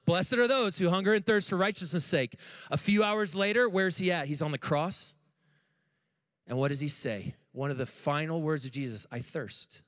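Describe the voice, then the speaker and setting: A young adult man, a pastor, preaching an animated sermon and asking his listeners questions. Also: on the high side.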